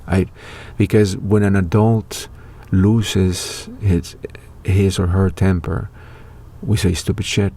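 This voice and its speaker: Man, low voice, dark mellow tone, rambling host monologue, lots of fillers. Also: flat delivery, slow pace. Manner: rambling, with many fillers and restarts. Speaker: online show host. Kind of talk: casual spoken monologue.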